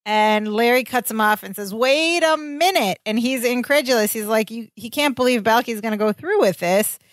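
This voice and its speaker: A woman's voice: on the high side, fairly quick, no echo, clean studio sound. A woman co-hosting a podcast, casually retelling an episode and quoting the characters. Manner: animated retelling, quotes characters. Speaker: podcast co-host. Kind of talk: casual recap chat.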